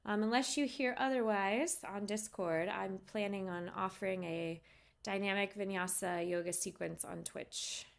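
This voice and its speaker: A woman's voice: mid-range voice, fairly even intonation, moderate pace, gravelly. A young adult woman, a yoga instructor, chatting casually with viewers on a live stream and answering their questions.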